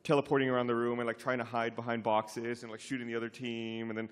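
A man's voice: mid-range voice, little pitch movement, fast, smooth. A man co-hosting a live convention panel, explaining things at length in casual chat with frequent fillers. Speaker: podcast co-host on a live panel. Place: convention hall stage. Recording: live panel in a reverberant hall.

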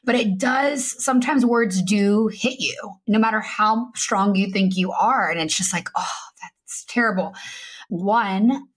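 A woman's voice: mid-range voice, measured pace, hardly any pauses. A young adult woman, a podcast guest, telling a candid personal story openly and with feeling, laughing now and then. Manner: open, emotional, laughs while telling painful story.

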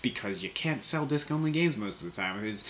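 A man's voice: fairly low pitch, animated, fairly quick, fairly bright tone. A young man hosting a casual weekly recap of his channel's videos, rambling and joking with lots of fillers and restarts. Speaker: channel host recapping the week.

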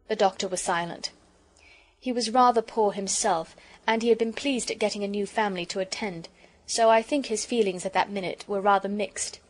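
Gentle woman reading a storybook. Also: medium pitch, normal speed. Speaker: audiobook narrator. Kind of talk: scripted storybook narration.

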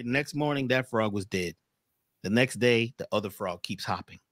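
A man tells a motivational story with an emphatic, preachy delivery. His voice sits at a middle pitch. The recording is dry with no room echo. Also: moderate pace, fairly bright tone. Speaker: guest speaker.

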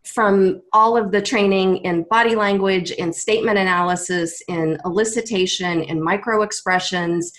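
A woman hosts a podcast and speaks openly in an easy, conversational way. Her pitch sits at a middling level for a woman. She talks as if sharing her own experiences with a friend. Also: fairly even intonation, normal speed, few pauses. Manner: candid, sharing personal experience. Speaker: podcast host. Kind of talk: casual chat.

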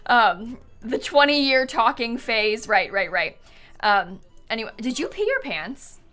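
A young woman chats playfully while she streams a life-sim game, laughing often and teasing her characters. Her voice is bright and fairly high, with a lively, bouncing pitch. Soft game music plays behind her. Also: measured pace. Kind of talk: casual live-stream chat. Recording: faint background game music.

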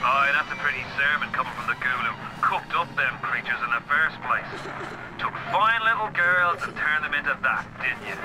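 An actor playing a gruff, folksy man who guides the player over a radio, with a blunt, persuasive manner. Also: fairly high pitch, normal speed, background noise, natural voice. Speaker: game character guiding the player over radio.

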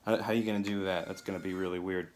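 A man's voice: deep voice, fairly even intonation, fast talker. A man hosting a comedic guitar video, talking in a dry, sarcastic way full of rambling asides. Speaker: video host.

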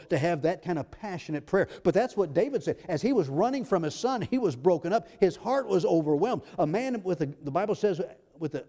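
A male pastor delivers an emphatic sermon in a voice pitched a little high but mellow and dark in tone. He slows down to read scripture aloud, leaning hard on key words. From United States. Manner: emphatic preaching, reading scripture in slow passages.

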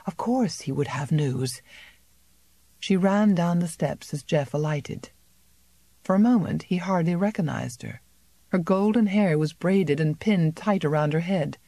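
A woman narrating an unabridged novel as an audiobook in a measured, even storytelling manner. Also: on the low side, no echo. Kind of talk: scripted narration.

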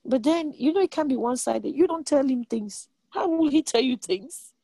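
A woman preaching a sermon, animated and emphatic, repeating lines and jumping in pitch. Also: normal speed, slightly rough, dry recording.

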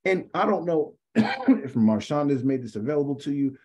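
A man's voice: fairly high pitch, big pitch swings, normal speed, a little mellow, breathy edge. A man teaching as a guest sales coach on a coaching call, talking conversationally and acting out sample dialogues, often adding "man".

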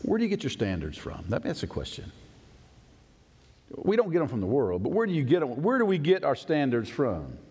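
A man's voice: medium pitch, huge pitch swings, fairly quick, darkish tone, breathy edge. A male pastor preaches in an emphatic, conversational way, putting questions to the congregation. His mid-range voice rises and falls a great deal. A long hall reverb fills the sanctuary behind him. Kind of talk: sermon. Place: church sanctuary.

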